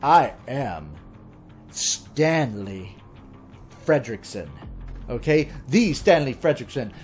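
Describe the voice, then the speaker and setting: A man's voice: medium pitch, very animated, slow pace, a little mellow, faint music behind. A man putting on a pompous, entitled office worker. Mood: haughty. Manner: haughty, demanding.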